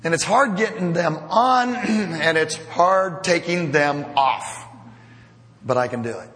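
This middle-aged man is a pastor preaching in a church sanctuary, keeping things chatty and poking fun at himself with humorous asides. He speaks slowly, with a fairly bright, somewhat high voice and lively intonation. The hall's long reverb is clearly audible.

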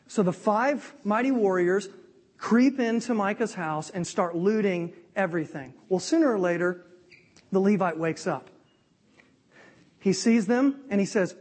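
A man retells a scripture story to a live group in a lively, conversational preaching style. His voice sits high for a man, and he often stops to check that his listeners are following. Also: normal speed, breathy edge. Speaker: preacher teaching a Bible lesson. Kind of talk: animated sermon storytelling.

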